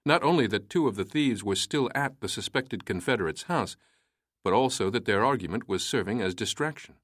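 A man reading a story aloud in a measured, steady way. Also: fairly low pitch, no echo, clean studio sound. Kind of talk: storytelling narration.

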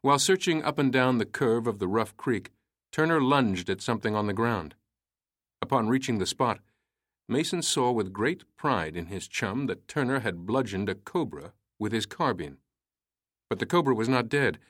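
A man reading a story aloud in a measured, steady way. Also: medium pitch, no room sound, studio quality. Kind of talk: storytelling narration.

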